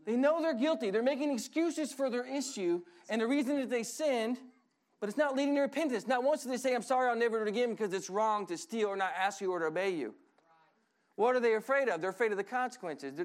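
A male pastor preaching with lively, conversational energy. His voice sits high for a man. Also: quick pace. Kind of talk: sermon.

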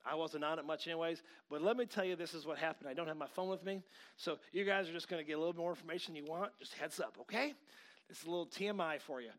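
A middle-aged man preaching a sermon, animated, swinging between loud outbursts and quiet asides, often acting out quoted voices. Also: fairly high pitch, fast talker. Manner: acts out quoted voices mid-story.

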